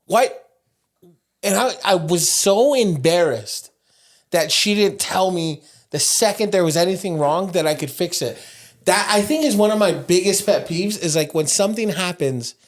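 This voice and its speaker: A man in his thirties co-hosting a podcast, telling animated stories in casual chat and laughing often. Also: high voice. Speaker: podcast co-host.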